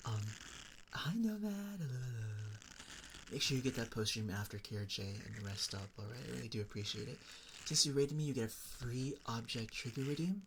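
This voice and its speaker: Male ASMR streamer, easygoing chat with viewers, mid pitch, lots of filler words, greets people by name. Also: fairly even intonation, quick pace, fairly bright tone, slight background noise. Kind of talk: casual live-stream chat.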